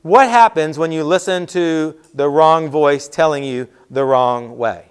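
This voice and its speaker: A man's voice: on the high side, a little slow, clear, resonant tone. A man preaching at a youth event, conversational and repetitive, acting out quotes. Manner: conversational, repeats key lines, quotes with acted voices. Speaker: youth pastor. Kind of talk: youth sermon.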